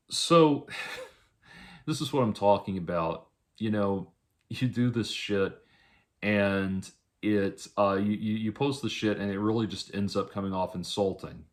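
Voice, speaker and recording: Low-voiced man, rambling monologue. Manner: rambling, halting, dry sarcastic asides. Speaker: musician vlogger. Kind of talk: casual monologue to camera.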